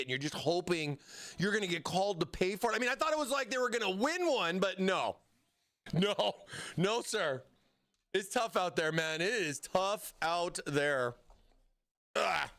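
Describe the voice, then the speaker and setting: A man's voice: high voice, fairly bright tone. An American man hosting a casual live stream, chatting with viewers while he builds a PC, often breaking off mid-sentence to answer chat. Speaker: livestream host building a PC.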